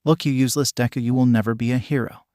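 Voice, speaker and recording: A man's voice: mid-range voice, fairly even intonation, rapid-fire, darkish tone, dry recording, clean studio sound, natural voice. A man doing a sneering bully teen boy. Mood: hostile. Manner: sneering, insulting. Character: hot-headed, bullying teenage boy.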